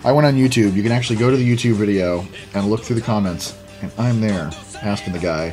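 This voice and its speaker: A man with a lowish voice co-hosts a casual podcast, talking quickly over background music. He rambles and jokes at his own expense, restarting his sentences many times.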